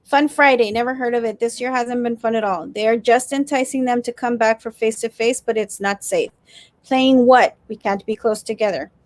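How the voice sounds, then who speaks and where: Sarcastic high-voiced woman with a South Texas accent. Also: normal speed, no room sound. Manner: sarcastic, laughs often. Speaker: union co-host reading viewer comments. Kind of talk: casual live-stream chat.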